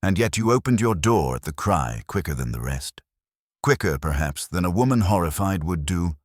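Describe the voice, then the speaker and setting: A man's voice: low-pitched, big pitch swings, moderate pace, dry recording, clean studio sound. A man reading a shrewd, courteous detective who questions with polite persistence. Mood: probing.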